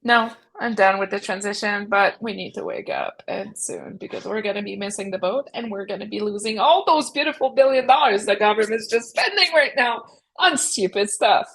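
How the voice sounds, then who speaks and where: A woman's voice: medium pitch, fairly bright tone, husky, rough recording. A woman co-hosting a casual political podcast, talking in emphatic, opinionated bursts. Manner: emphatic, opinionated, quick outbursts.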